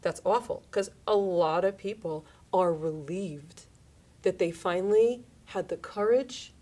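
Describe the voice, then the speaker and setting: Radio host, woman in her thirties or forties, chatty and animated, pitching up and down to act out quoted lines. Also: measured pace. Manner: animated, acts out quoted lines in shifting voices. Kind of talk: casual radio chat.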